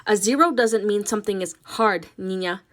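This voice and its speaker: A tired, stern middle-aged mother scolds her daughter in a sharp, reproachful voice, put on by a woman reading a novel aloud. She pushes every line hard, louder and higher than plain talk, with clipped emphasis. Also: moderate pace, natural voice. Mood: scolding.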